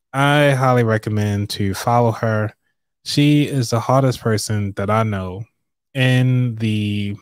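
A man's voice: medium pitch, no room sound, clean studio sound. A man hosting a casual live chat about finances, chatty and full of fillers as he talks to viewers. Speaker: livestream host. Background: light background music.

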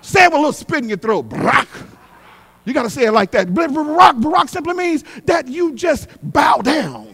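High-pitched, lively middle-aged male preacher. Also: vocal fry. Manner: fiery preaching that swings between shouts and hushed, fast asides; repetitive call-and-response cadence. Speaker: guest preacher. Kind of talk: sermon.

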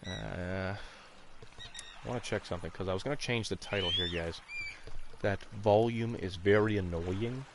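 Young guy streaming a game, deepish voice, chill chatty vibe, some cussing, noisy background. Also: moderate pace, long pauses. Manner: chatty, talks to viewers, mild swearing. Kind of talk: casual live-stream chat. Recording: steady background noise.

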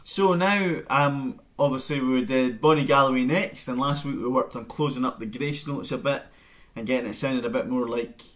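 A man's voice: medium pitch, normal speed, hardly any pauses. Chatty man teaching a live lesson. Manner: relaxed, chatty, counting in. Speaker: bagpipe teacher. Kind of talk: live-streamed online music lesson. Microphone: camera mic.

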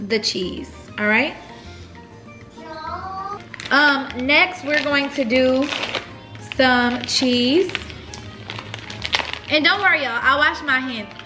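A woman hosting a casual cooking vlog in her home kitchen, chatting straight to viewers as y'all. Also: high-pitched. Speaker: vlogger host.

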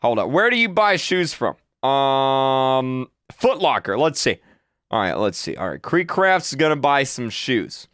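A man in his twenties hosting a casual reaction video, excitable and repetitive, often breaking into high-pitched shouts. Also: measured pace, no echo, studio quality. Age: 20s. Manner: excitable, repeats himself, bursts into high shouts.

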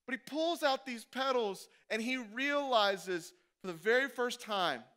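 A man preaching a sermon as pastor, animated and conversational, swinging from loud to hushed. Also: very high voice, a little slow, smooth. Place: church.

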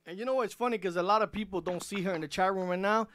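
A man's voice: high voice, very fast, no echo, studio quality. A man hosting an interview show, joking with his guest in casual chat and often repeating his first words. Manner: jokey, excitable, repeats words when starting. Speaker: radio host.

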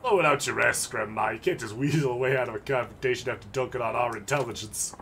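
A man voicing a crude, mocking street thug who taunts loudly, with game music behind. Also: medium pitch, quick pace, slight background noise, lightly acted. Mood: taunting. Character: brash mocking young male street thug.

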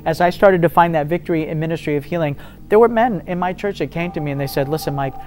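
A man's voice: fairly high pitch, quick pace, a little mellow. A man in a faith interview, telling a story earnestly and acting out the dialogue with rising intensity. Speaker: ministry guest telling a testimony.

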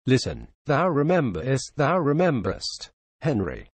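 A man's voice: medium pitch, wildly swooping pitch, no echo. A man reading as a frightened dying young woman. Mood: pleading. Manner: halting, broken pleading.

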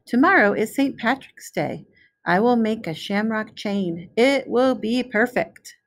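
A woman voicing an eager, earnest young male rabbit in a storybook reading, talking in a bright, pleading way. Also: a little high, expressive, a little slow.

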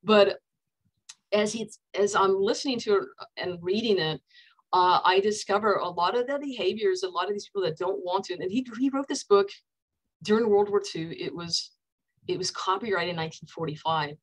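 A woman's voice: mid-range voice, normal speed, poor audio. American woman, counselor, casual book talk on a video call, chatty delivery. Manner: chatty, many fillers and restarts.

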